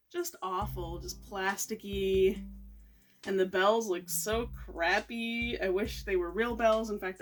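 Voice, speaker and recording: A woman's voice: medium pitch, far from the mic. A woman chatting casually as she reviews toys, laughing often between her remarks. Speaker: toy reviewer. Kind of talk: casual product review vlog.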